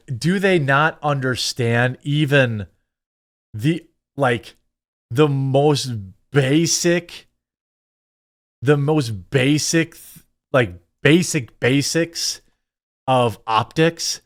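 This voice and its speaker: A man's voice: mid-range voice, very slow, long pauses. A man hosting a reaction commentary show, sarcastic and mocking, stammering through restarts. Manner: sarcastic and mocking, bursts of laughter.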